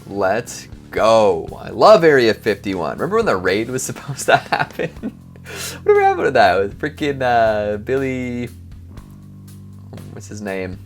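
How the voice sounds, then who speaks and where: A man hosting a countdown video channel chats casually in an outro and blooper segment, rambling and making jokes at his own expense. His voice is on the low side and expressive, at a slow pace, over soft background music. He's on a lavalier mic in his bedroom at home.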